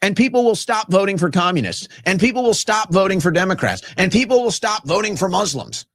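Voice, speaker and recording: A man with a high, lively voice delivers a heated political rant, sarcastic and mocking. His voice swings widely in pitch, and the sound is close and dry. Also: a little fast, no echo. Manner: sarcastic, mocking, shouting at times.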